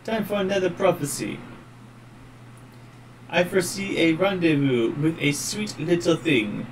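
A man's voice: on the high side, a little slow, recorded from a distance, a little hiss or hum, lightly acted, low-quality recording. A man putting on a smug mock-French prophet. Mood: teasing. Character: flamboyant young man prophet, teasing and smug.

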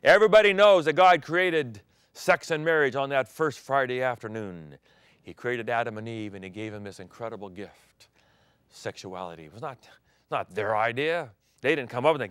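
A middle-aged man who grew up in Thailand, preaching a sermon with sudden swings from loud declaring to near-whispers. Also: medium pitch, moderate pace, clean tone, no echo, studio quality. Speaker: pastor.

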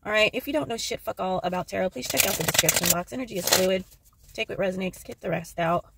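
A woman reading tarot cards in a loose, chatty way, with a gravelly, creaky edge to her voice at a middle pitch. She gets excited easily, cracks jokes and swears freely as she talks to her viewers. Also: fast talker, very noisy. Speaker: tarot reader. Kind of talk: casual tarot card reading.

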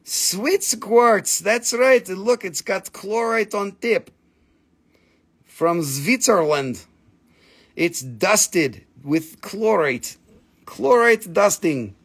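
A slightly high-voiced man runs a live crystal sale. His chat is casual and full of jokes and crude asides, and he croons over the stones as he shows them. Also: lively intonation, slow, fairly bright tone, husky. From Appalachian Valley, United States. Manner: joking, crude asides, sing-song crooning. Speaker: live stream crystal seller.

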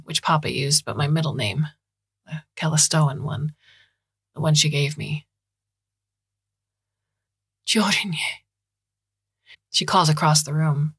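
Low, husky woman narrating a story. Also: a bit bright, no echo, studio quality. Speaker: audiobook narrator.

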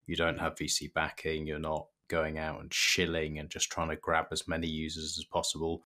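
A man's voice: very deep voice, pushed and bright. A man hosting a podcast, talking bluntly and animatedly and swearing freely. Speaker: podcast host. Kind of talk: casual podcast chat.

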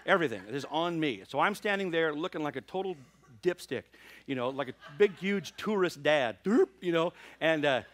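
A male pastor delivering a sermon, with a voice that sits a little high for a man and swings widely in pitch. He tells stories with humor and laughter, then preaches with earnest emphasis. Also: normal speed. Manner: animated, laughing storyteller turning to earnest preaching. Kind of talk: sermon with humorous personal storytelling.

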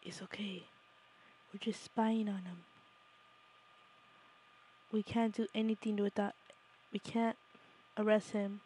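A young woman streaming a game, chatting playfully and swinging from hushed spy whispers to loud shrieks. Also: medium pitch, fairly even intonation, slow, long pauses, slight background noise. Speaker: gaming streamer. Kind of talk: casual live-stream commentary.

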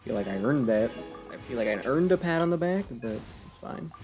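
A man's voice: medium pitch, lively intonation, a little fast. A man giving casual, playful commentary while streaming a game, teasing the characters on screen and joking at his own expense. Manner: playful, self-mocking, talks to game characters. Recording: game music playing behind.

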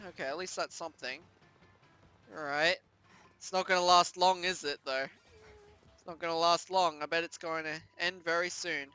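Male gaming commentator; bright, sharp voice, slow unhurried pace, prone to excitable yelps. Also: high voice, clean tone. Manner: excitable, yelps and repeats words when losing. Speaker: gaming YouTuber. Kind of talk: let's-play commentary.

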